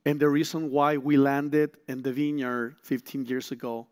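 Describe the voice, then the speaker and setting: A man's voice: mid-range voice, moderate pace, clear, resonant tone. A middle-aged man, a guest speaker telling a story in a sermon, acting out quotes and restarting phrases. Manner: animated storytelling, frequent restarts and acted-out quotes.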